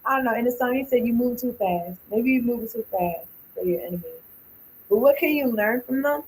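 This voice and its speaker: Woman, tarot reading, higher pitch, loose informal talk, thinks out loud. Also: a little fast, a little hiss or hum, poor audio. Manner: rambling, thinking aloud, trailing off; blunt and informal, with slang and swearing. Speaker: tarot card reader. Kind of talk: casual spoken tarot reading.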